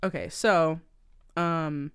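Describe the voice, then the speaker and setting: A woman's voice: sits low, extremely slow, smooth. A young woman co-hosting a podcast, recapping a movie in casual chat, swearing often and acting out the characters' lines. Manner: swearing, animated, acts out quotes. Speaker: podcast co-host.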